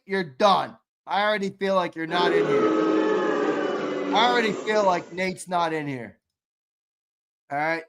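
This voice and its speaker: A man hosting a live fan stream, his voice jumping all over the place as he chats loosely with viewers. He takes his time between lines, then erupts into loud shouts when calling a winner. He swears freely in casual banter. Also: fairly high pitch, slight background noise. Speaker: sports show co-host. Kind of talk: live-stream chat, running a giveaway shuffle.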